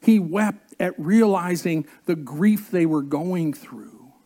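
A man preaching a sermon as pastor, slow and earnest, drawing out key words and coaxing the congregation to join in. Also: sits high, dark tone.

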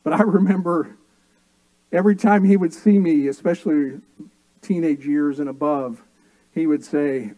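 A man's voice: fairly high pitch, steady tone, normal speed, pauses often, mellow, dry recording, poor audio. A middle-aged man, a pastor, preaching a sermon and telling family stories with dry humor.

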